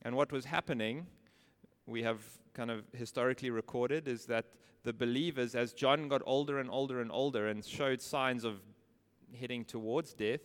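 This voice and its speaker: Male preacher, smooth resonant voice, emphatic sermon delivery, long hall reverb. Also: mid-range voice. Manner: emphatic, rhetorical questions, repeats key phrases.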